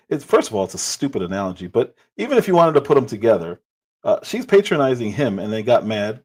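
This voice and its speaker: A man's voice: mid-range voice, sing-song, normal speed, darkish tone. A man hosting a livestream, reacting to news clips with incredulous, sarcastic commentary. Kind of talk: casual commentary.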